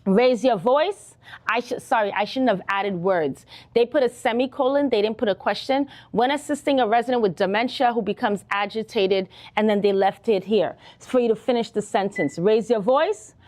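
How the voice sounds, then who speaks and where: A woman's voice: on the high side, fairly quick, hardly any pauses. A woman nursing instructor teaching a live online exam-prep lesson, talking straight to her students and often checking in with "okay?". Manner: animated, talks to students directly, frequent "okay?" checks.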